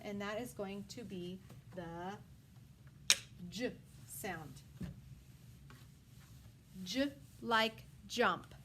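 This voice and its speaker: Slow, enunciating woman teacher. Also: mid-range voice, a bit bright, slight background noise. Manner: slow, sound-by-sound enunciation with frequent praise. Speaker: first grade teacher. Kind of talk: phonics lesson for young children.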